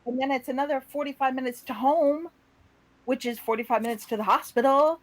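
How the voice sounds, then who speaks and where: A woman co-hosting a casual talk show, telling a story with lively acted-out quotes. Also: sits high, brisk, rough recording. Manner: animated storyteller, acts out quotes. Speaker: co-host. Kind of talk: casual chat.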